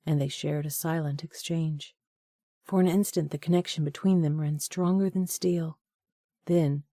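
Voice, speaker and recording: A woman narrating a romance audiobook in a measured, even storytelling manner. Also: low voice, creaky, no room sound, studio quality. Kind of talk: scripted narration.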